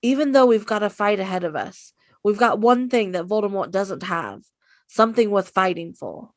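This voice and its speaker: A woman's voice: medium pitch, animated, normal speed, dry recording, natural voice. A woman voicing a teenage boy wizard hero rallying his friends. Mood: rousing.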